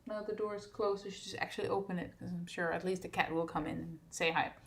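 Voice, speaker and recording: A woman singer hosting a casual livestream for her fans, chatting easily, laughing often and filling pauses with ums. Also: lowish voice, gravelly. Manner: relaxed and chatty, laughs often, many fillers. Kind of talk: casual livestream chat reading viewer comments. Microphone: streaming setup at a desk.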